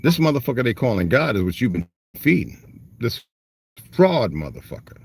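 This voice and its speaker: Animated, profane man telling stories. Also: medium pitch, moderate pace, husky, no room sound. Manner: profane, rambling, animated storyteller. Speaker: host reading aloud and commenting. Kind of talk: casual storytelling monologue.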